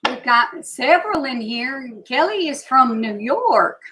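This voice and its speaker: A woman's voice: high-pitched, very animated, sharp tone, poor audio. A woman in her sixties with an Alabama Southern accent, chatting casually with viewers as host of a live psychic reading stream. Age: 60s. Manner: chatty, slow Southern drawl, greeting viewers by name.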